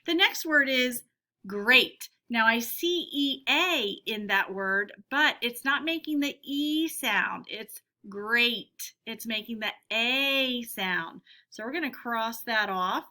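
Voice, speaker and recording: A woman teacher leads a phonics lesson for children, pronouncing each word twice with careful, clear diction. Her voice sits a little high and bright. She keeps an unhurried pace throughout. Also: expressive. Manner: slow, clear word-by-word dictation.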